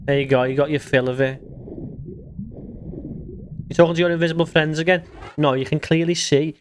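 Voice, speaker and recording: A man livestreaming a game, with a slightly higher-pitched voice. He chats bluntly and casually, swearing freely and chuckling as he answers his viewers. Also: fairly even intonation, fairly quick, long pauses, a little hiss or hum. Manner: blunt, swearing, reads chat aloud, chuckles often. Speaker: streamer. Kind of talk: casual livestream chat while gaming.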